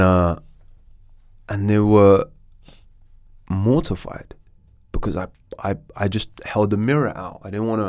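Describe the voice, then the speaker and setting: A middle-aged man, an actor, telling a story in a podcast interview with animated restarts. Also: fairly low pitch, no room sound, studio quality. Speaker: actor guest.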